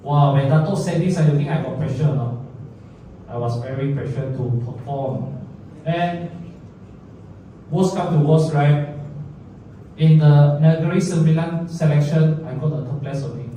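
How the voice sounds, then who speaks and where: A man with a Malaysian English accent telling a personal story at a public talk, animated, chatty and candid. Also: on the high side, measured pace, long pauses. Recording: echoey hall, distant mic, faint noise.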